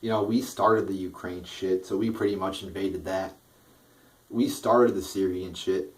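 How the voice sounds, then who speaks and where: A man rants about politics in a heated, profane way. He keeps stumbling into stammering restarts. His voice sits low, and he is recorded from a short distance off the mic. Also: steady tone, unhurried. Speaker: political vlogger. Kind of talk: angry political rant.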